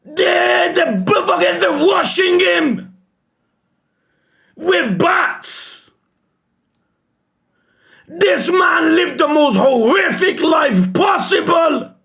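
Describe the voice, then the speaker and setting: A man reacting live to a manga chapter, emotional and shouting, swearing often. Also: very high voice, animated, drawn-out words, creaky, long pauses. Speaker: reaction streamer.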